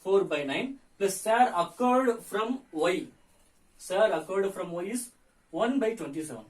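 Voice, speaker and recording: A hoarse man with a high voice works through fractions step by step in a lesson, repeating each figure as he goes. His voice sits a little away from the microphone, so it sounds distant. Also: animated, a little slow. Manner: repetitive step-by-step explaining. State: hoarse from fever. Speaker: teacher. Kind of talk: accountancy lesson.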